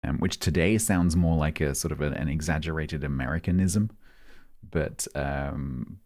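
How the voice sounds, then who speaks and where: A man's voice: a bass voice, moderate pace, a little mellow. A man, chatting casually with his stream viewers and rambling with many ums and restarts. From London, England. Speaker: livestreamer. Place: home, United Kingdom.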